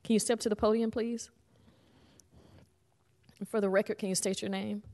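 A woman, a city administrator, chairing a public meeting and reading agenda items in a measured way. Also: medium pitch, level tone, mellow. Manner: measured, reads items out slowly. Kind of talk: formal public meeting procedure.

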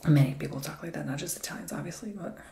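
A man giving an ASMR Reiki healing and tarot session, talking in a soft, mostly whispered, meandering and reassuring way. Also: a little high, quick pace, vocal fry, echoey room.

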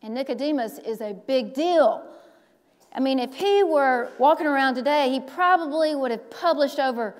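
A woman pastor preaching a sermon, telling a story slowly with dramatic pauses. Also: sits high, lively intonation. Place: large church sanctuary. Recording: long church hall reverb.

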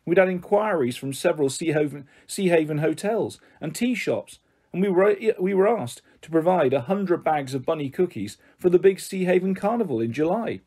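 A man's voice: fairly high pitch, animated, normal speed, a little mellow, husky. A man reading a children's storybook aloud, narrating expressively. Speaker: audiobook reader.

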